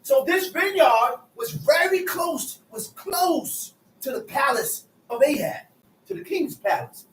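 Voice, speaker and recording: A man's voice: very high-pitched, very animated, takes it slowly, fairly bright tone, far from the mic, slight background noise. A man teaching a Bible class, explaining scripture in casual street talk. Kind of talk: preaching Bible study. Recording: echoey room, voice from afar.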